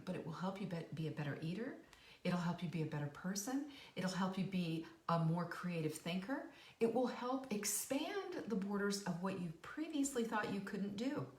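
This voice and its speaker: A middle-aged woman hosting a live stream, giving an emphatic, animated motivational talk and playfully acting out quoted voices. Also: medium pitch. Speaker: host of a live cooking and nutrition show. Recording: roomy echo, voice a bit off-mic.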